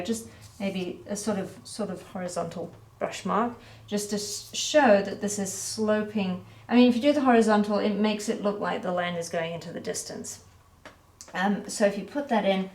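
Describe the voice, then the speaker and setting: A woman giving a relaxed, chatty painting critique as an art teacher, correcting herself as she goes. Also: mid-range voice. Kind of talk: painting critique, talking while pointing. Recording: echoey room.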